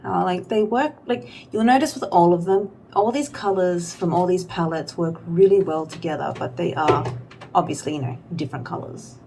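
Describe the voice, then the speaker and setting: A young woman with a lowish, gravelly voice chats through her makeup routine in a loose, rambling way, full of "like" and small self-mocking asides. A faint hum sits under the recording. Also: normal speed. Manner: rambling, filler-heavy, self-deprecating. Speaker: beauty vlogger. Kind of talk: casual makeup tutorial chat.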